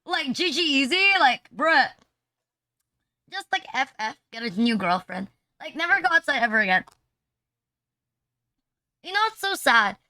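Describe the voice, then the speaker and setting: A woman VTuber chats loosely with her live audience, her voice high and bright. She rambles through crude, mocking jokes, leaning on "like" at every turn. The sound is close and dry, with no room around it. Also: sing-song, unhurried, pauses often, no room sound. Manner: rambling and crude, heavy filler "like"; mocking, teasing banter with chat. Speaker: VTuber streamer. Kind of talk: casual livestream chat.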